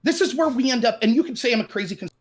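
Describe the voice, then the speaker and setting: High-voiced man on a glitchy call. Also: expressive, racing. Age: 30s. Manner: hesitant, apologetic, hedging with "I feel". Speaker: caller. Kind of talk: casual political debate. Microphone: voice call with a cutting-out mic. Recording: call audio, mic gating.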